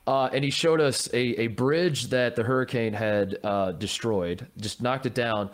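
A man's voice: medium pitch, a little slow. A man co-hosting a podcast, telling a story in casual chat with lots of restarts and stammers. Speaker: podcast co-host.

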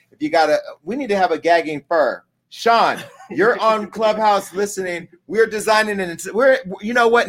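High-pitched and a bit bright, this man's voice carries his live-streamed show. He talks casually with viewers and crew in loud, rambling banter laced with profanity.

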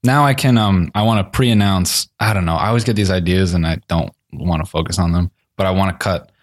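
A man chatting casually on a podcast, telling an animated story, acting out quotes, swearing often and laughing a lot. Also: low-pitched, a little fast. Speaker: comedian co-host.

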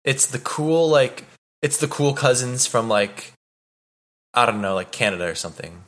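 A man's voice: medium pitch, animated, moderate pace, fairly bright tone. A young man guesting on a podcast, chatting casually and hesitantly, with lots of filler words. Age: young adult. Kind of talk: casual chat.

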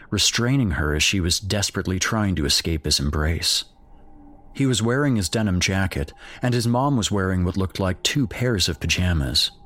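A man narrating a scripted horror story in a steady, measured way. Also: low-pitched, slight background noise.

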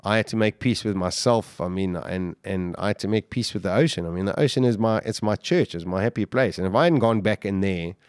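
Intense, halting man telling a survival story. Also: deep voice, smooth, no room sound, studio quality. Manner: intense, halting with repeated restarts. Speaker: podcast guest. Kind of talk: emotional storytelling interview.

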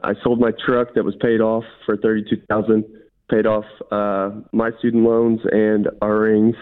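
A man's voice: on the low side, moderate pace, smooth. A man in his twenties calling into a radio show, speaking politely and matter-of-factly. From Illinois. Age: 20s. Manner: polite, steady, matter-of-fact. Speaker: caller. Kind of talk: phone call to radio show. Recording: tinny phone line.

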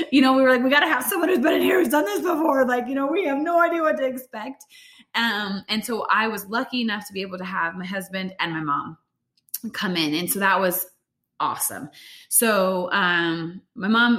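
A young woman tells a personal story in a relaxed, candid way, full of fillers and animated asides. Her voice sits at an ordinary middle pitch, and the room around her adds a noticeable echo. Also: normal speed. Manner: chatty, candid, with frequent fillers and animated retellings. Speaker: vlogger sharing a birth story. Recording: roomy echo.

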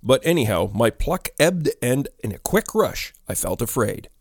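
A man narrating a ghost story in a measured storytelling delivery. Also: medium pitch, sing-song, dry recording, clean studio sound.

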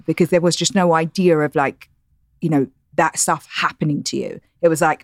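A woman in her forties from East London with a softened East London accent, a guest chatting candidly in a podcast interview, laughing easily and filling her talk with "like" and "you know.". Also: deep voice, steady tone, fairly quick, no room sound, clean studio sound. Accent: East London English, softened. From East London, England. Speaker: guest entrepreneur. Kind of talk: casual interview chat. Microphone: studio podcast mic.

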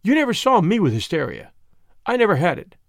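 A desperate, tremulous woman, as a male reader puts her on pleads urgently with a former lover in an audiobook. The voice sits high and swings widely in pitch. The recording is close and dry. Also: huge pitch swings, unhurried, breathy edge, dry recording, full character voice. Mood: distraught. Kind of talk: audiobook reading.

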